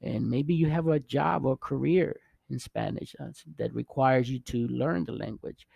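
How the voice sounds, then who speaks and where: A man teaches in an unhurried, patient way, repeating each sound and gently encouraging the learner. His voice has a gravelly, mellow edge. The recording is dry and close, with no room around it. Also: medium pitch, no room sound, highs cut off. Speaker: Spanish teacher. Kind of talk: casual spoken lesson.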